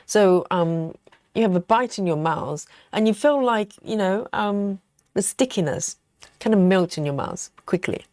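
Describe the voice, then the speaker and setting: A woman's voice: medium pitch, expressive, measured pace, darkish tone, no echo. A woman hosting a casual cross-stitch livestream, chatty and giggly, snacking on chocolate and reading out viewer comments. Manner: snacks on chocolate while talking. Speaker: livestream host. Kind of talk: casual live-stream chat while cross-stitching.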